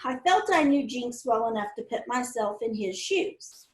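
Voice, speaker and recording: A woman reading a novel aloud in first-person narration, with a lively storytelling manner. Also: fairly high pitch, normal speed. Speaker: audiobook reader. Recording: roomy echo.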